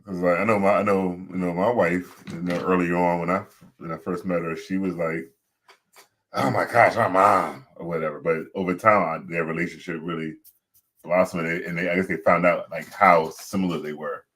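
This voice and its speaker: A young married man co-hosting a casual talk show, relaxed and quick to laugh. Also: deep voice. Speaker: podcast co-host. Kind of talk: casual chat.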